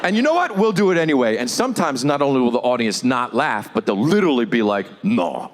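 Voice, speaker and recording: A man's voice: medium pitch, very animated, fast, background noise. A man doing a brash, provocative stand-up comedy set, swearing freely. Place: comedy club stage.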